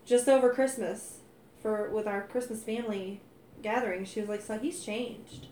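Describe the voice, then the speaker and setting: A woman's voice: mid-range voice, steady tone, normal speed, mellow, roomy sound, a little hiss or hum. A woman telling her faith testimony in casual conversation, earnest and emphatic, growing heated as she quotes herself. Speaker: wife sharing testimony.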